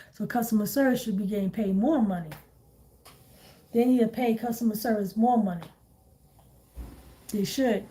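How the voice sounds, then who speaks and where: This tarot reader hosts a laid-back live stream, talking casually with viewers. She spins lengthy stories, laughs often, and speaks in a voice slightly higher than the average woman's.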